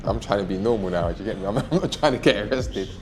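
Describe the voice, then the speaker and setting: A man with a London accent telling his story in an interview, animated and slangy, swearing freely. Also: lowish voice, racing, noisy background. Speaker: interviewee, knife crime campaigner. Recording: music playing under the voice. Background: music.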